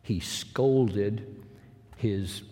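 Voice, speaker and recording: A male pastor preaching a sermon, moving from booming, drawn-out emphasis to hushed, near-whispered lines. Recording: long hall reverb.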